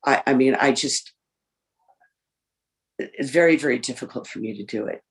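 A woman giving a candid personal share in a recovery group, reflective and pausing often with fillers. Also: very deep voice, vocal fry. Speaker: speaker sharing in a recovery group. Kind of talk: personal recovery share, reading list points.

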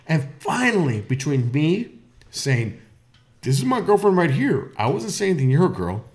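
Animated tipsy man telling a story. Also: fairly high pitch, normal speed. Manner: animated, loud laughs, swearing. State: tipsy from drinking. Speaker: podcast co-host. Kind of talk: casual chat, storytelling.

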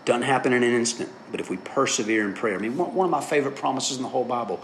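A man's voice: medium pitch, very fast, few pauses, slight background noise. A middle-aged man preaching a sermon in a conversational, storytelling way, often checking in with his listeners. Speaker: pastor.

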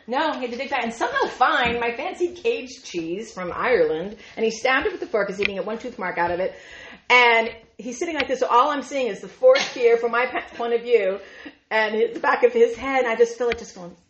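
A fairly high-voiced woman gives a humorous talk at a women's ministry gathering. She is animated and chatty, laughs often and fills her lines with "like". The room sound is echoey and a bit muffled. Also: brisk, slight background noise. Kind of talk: humorous storytelling talk to a live audience. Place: event room.

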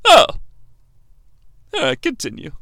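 Man doing gruff male wrestler, interrupting, indignant, grumbling, lively voice. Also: high voice, slow pace, no room sound, clean studio sound, full character voice.

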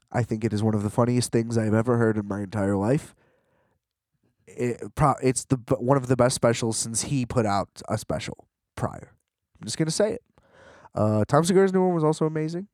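A man hosting a podcast, delivering a casual comedic monologue with rambling, profane, animated ranting. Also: medium pitch, a little fast, no echo, studio quality.

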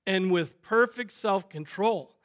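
A male pastor preaching a sermon, emphatic, piling up phrases and swinging in loudness. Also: high voice, slow. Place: church sanctuary.

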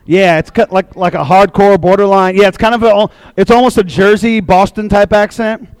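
A man preaching a casual sermon to a group, telling a Bible story in a chatty, animated way. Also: high-pitched, normal speed, clear, resonant tone, no room sound, rough recording. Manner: chatty and animated, acting out voices in quotes. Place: room with a live audience.

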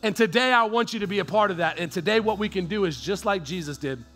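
A man preaching a sermon as pastor, with a high, bright, ringing voice and faint music under him. He talks in an easy, slangy way and swells from hushed storytelling into loud, fervent preaching. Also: fast.

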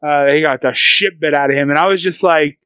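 A man's voice: fairly high pitch, fairly quick, sharp tone, clear, resonant tone, no echo. A man co-hosting a podcast in casual banter, swearing and stumbling over his words. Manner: profane, hesitant, stumbling banter. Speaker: podcast co-host. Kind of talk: casual chat.

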